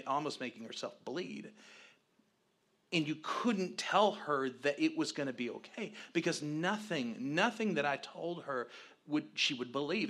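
A man co-hosting, candidly telling a story about his marriage in an animated way. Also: on the high side. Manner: animated, grows loud acting out past arguments. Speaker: co-host, husband telling the story.

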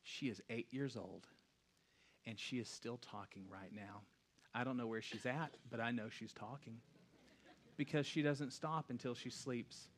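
A pastor in his thirties delivers a relaxed, conversational sermon, moving between hushed reflection and loud storytelling. His voice is medium in pitch and his pace unhurried.

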